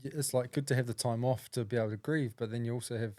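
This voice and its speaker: A man, a podcast host asking gentle, supportive follow-up questions. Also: mid-range voice, steady tone, fast talker, no room sound. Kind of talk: casual interview chat.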